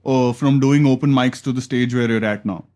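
A man hosting a casual interview podcast, putting questions in a relaxed way and joking along. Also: mid-range voice, moderate pace. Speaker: podcast host.

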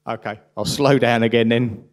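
A man with a strong London accent giving an impassioned, indignant conference talk at a rapid pace. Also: mid-range voice, steady tone. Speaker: conference speaker.

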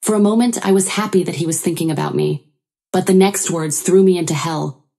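A woman's voice: lowish voice, a little fast, creaky, warm tone. A woman narrating a first-person story in an earnest, sorrowful way.

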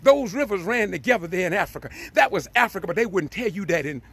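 High, gravelly, fervent male preacher. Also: animated, fast, a bit bright. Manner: fervent and repetitive, building to emphatic peaks. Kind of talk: impassioned preaching.

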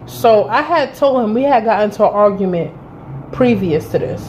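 A woman of thirty vlogging a casual storytime indoors by a window, blunt and profane, telling it with animated energy. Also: mid-range voice, moderate pace, a little hiss or hum, poor audio.

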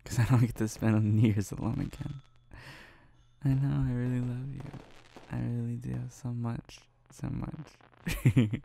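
A young man in a soft, affectionate whispered role-play, talking close to the mic and laughing often. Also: mid-range voice, little pitch movement, a little slow, creaky, slight background noise. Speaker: ASMR boyfriend role-play creator.

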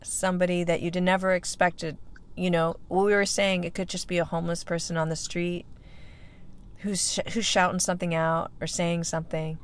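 A woman's voice: on the low side, level tone, moderate pace, smooth. A woman co-hosting a casual faith chat, talking in a reflective, earnest way with some restarts. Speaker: podcast co-host.

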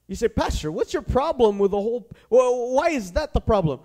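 Southern pastor preaching with a high voice. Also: male voice, expressive, brisk, dark tone. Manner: conversational preaching, questions to the congregation. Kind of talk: sermon.

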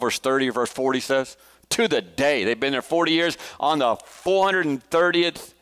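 A man's voice: on the high side, fairly bright tone, smooth. Enthusiastic male pastor teaching scripture. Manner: conversational, asks the congregation questions; enthusiastic with restarts and fillers. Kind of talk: church Bible study teaching.

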